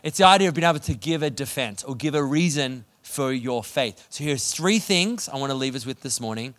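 A man preaching a sermon, energetic and conversational as he tells stories. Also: mid-range voice, a little fast. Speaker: pastor.

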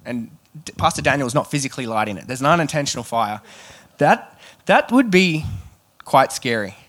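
A man preaching a sermon, reading scripture and then talking it through in a chatty, animated way with joking asides. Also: medium pitch, moderate pace.

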